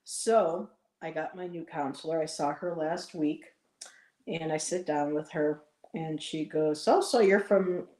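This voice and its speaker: A woman's voice: low voice, steady tone, measured pace, dark tone. A woman from western New York with a Buffalo accent, chatting and telling stories on a live stream. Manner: chatty storyteller, voices others in anecdotes. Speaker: stream co-host. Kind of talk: casual live-stream chat. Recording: roomy echo.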